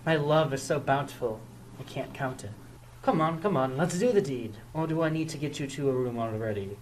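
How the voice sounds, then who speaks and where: A student performing every role in a homemade audio drama, swinging between hushed lines and loud outbursts. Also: mid-range voice, fairly quick, slight background noise, rough recording.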